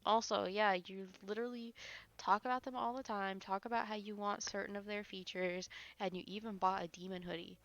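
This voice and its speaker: A woman's voice: mid-range voice, steady tone, a little fast, a bit bright, no echo. A woman livestreamer chatting casually with her chat, teasing and swearing while she rambles.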